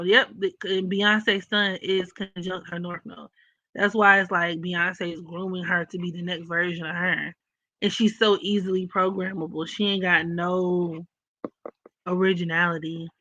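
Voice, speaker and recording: A woman's voice: on the low side, fairly even intonation, measured pace, pushed and bright, no room sound, dull audio. A woman vlogger talking about astrology in a blunt, opinionated, slangy casual chat.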